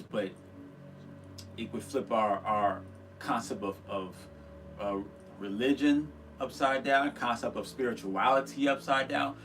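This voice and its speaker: A man's voice: mid-range voice, a little slow, fairly bright tone, faint music behind. A man co-hosting a spirituality show in a loose, rambling way, with many restarts and fillers. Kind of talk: casual spiritual talk and Q and A.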